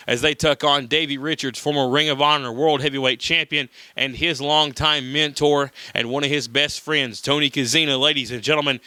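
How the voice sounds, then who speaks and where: Bright-voiced wrestling show host. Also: male voice, clean tone, dry recording. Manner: hyped, announcer-style pitching. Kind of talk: television wrestling hype.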